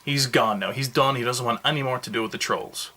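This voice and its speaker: A man with a bright, husky voice talks through a movie review in a casual, rambling way. He tells the story with jokes and plenty of animation, and his tone keeps a forward edge. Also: mid-range voice, fast.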